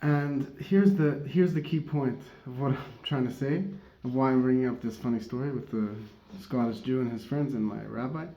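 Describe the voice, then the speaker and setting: A man's voice: medium pitch, normal speed. A man giving a casual Torah teaching, who rambles, corrects himself and laughs often. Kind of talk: casual religious teaching talk. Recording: dull, roomy recording.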